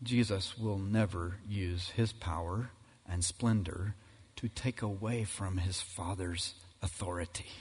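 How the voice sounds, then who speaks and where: A man preaching a sermon as pastor, emphatic and building to loud climaxes. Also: low-pitched, slow, breathy edge. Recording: reverberant hall.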